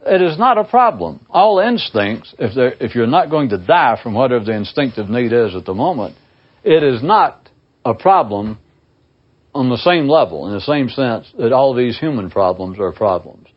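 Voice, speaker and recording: Wry man musing, lively pitch. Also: normal speed, husky, highs cut off. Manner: wry, rambling, with dry self-mocking asides. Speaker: spiritual teacher. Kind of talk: informal talk with readings of short parables.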